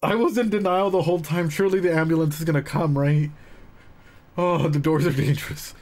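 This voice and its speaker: A man's voice: a little high, fairly even intonation, a little fast, a little mellow. A young man, a psychologist, reacting live to an anime, swearing freely and laughing to hold back tears. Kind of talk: emotional live reaction commentary.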